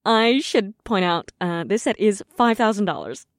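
A man's voice: high-pitched, expressive, moderate pace, no echo, clean studio sound, voice pushed up. A man voicing a middle-aged female furniture saleswoman with a Midwestern twang, friendly on the surface but judgmental and wavering. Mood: nervous. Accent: Midwestern American twang.

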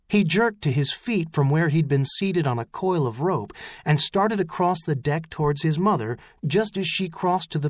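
A man reading a novel aloud as an audiobook narrator, telling the story in a measured way. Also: a little high, no echo, studio quality. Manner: measured storytelling, rising into shouts for character lines. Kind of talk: scripted narration.

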